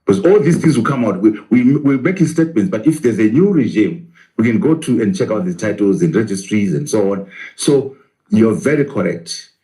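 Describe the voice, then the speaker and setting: A man's voice: lowish voice, animated, fairly quick, dark tone, rough recording. A man, a professor, arguing in a political interview, asking rhetorical questions and answering them himself.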